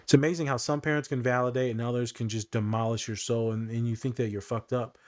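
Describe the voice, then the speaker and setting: A man's voice: medium pitch, fairly even intonation, quick pace. Guy in his 30s on a podcast, talks with lots of feeling, tells stories and does the voices. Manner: emotional, storytelling with acted-out quotes. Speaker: podcast host. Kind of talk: casual podcast chat.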